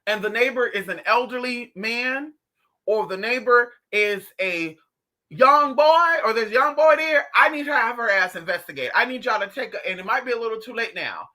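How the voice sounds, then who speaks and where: A livestream host telling gossipy stories in a profane, animated way, talking straight to the viewers. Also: medium pitch, moderate pace. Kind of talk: casual livestream chat.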